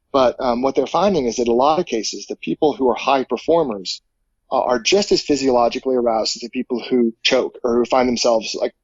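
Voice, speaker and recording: Husky-voiced man explaining with many restarts. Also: mid-range voice, a little mellow, dry recording, dull audio. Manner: thoughtful, many fillers and restarts. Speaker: psychology professor and firefighter guest. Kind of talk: casual podcast interview answers.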